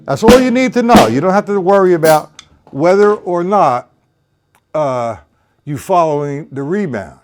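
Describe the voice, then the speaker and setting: A man's voice: a little high, animated, measured pace, soft background music. A man giving a live-streamed drum lesson, counting beats aloud and talking to viewers by name. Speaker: drum teacher.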